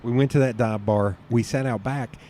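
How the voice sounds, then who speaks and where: A man with a Southern US accent tells long, wandering stories in a casual chat. He laughs often and keeps jumping from one point to the next, talking at an ordinary middle pitch, with a faint hum behind him. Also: steady tone, moderate pace, dark tone. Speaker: podcast guest.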